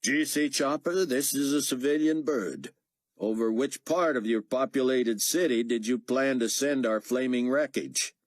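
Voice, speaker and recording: A man voicing a laconic American pilot with dry, deadpan wisecracks. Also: sits low, unhurried, breathy edge, no room sound, voice pushed up, exaggerated voice. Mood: wry.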